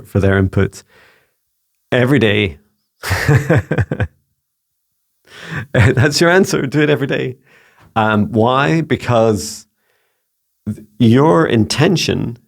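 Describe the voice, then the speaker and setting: A Scottish man with a lowish voice and plenty of gravelly fry answers viewer questions as a spiritual mentor. He talks in a gentle, soothing way, often stumbling and repeating words as he thinks. The delivery is casual and unscripted. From Scotland. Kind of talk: casual spoken Q&A video.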